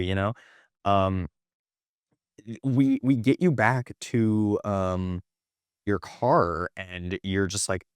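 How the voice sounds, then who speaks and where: A man's voice: on the low side, takes it slowly, smooth, no echo, studio quality. A young adult man, a podcast guest, telling a story in casual chat, acting out the quoted lines with lots of fillers.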